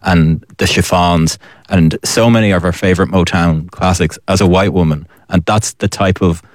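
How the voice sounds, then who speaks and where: An Irish man in his late twenties speaks as a radio panel guest. His voice sits very low, and he muses slowly through his thoughts with hesitant restarts. The studio sound is close and dry. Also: steady tone, no room sound. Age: late 20s. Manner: thoughtful, reflective, hesitant starts. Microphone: studio microphone.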